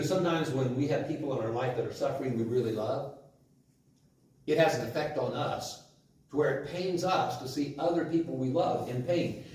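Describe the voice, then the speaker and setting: A man with a mid-range, slightly mellow voice preaches a sermon in a church sanctuary, engaging the congregation with rhetorical questions. The recording is very echoey, captured by a distant mic in the church hall.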